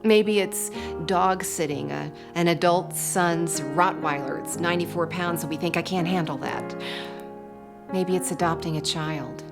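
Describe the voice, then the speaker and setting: An older woman speaks in a somewhat low voice, giving a devotional talk. She tells personal stories in a reflective, storytelling manner, with faint music playing under her words. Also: measured pace, gravelly.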